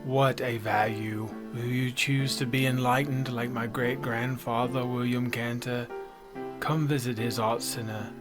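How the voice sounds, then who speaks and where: Mock ad spot: a man doing a pompous heir with a grandiose sales pitch, mid-pitch voice, guitar music clearly behind. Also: steady tone, a little slow, close to an everyday voice. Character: pompous male heir hawking an art center in a mock ad. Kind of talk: mock commercial.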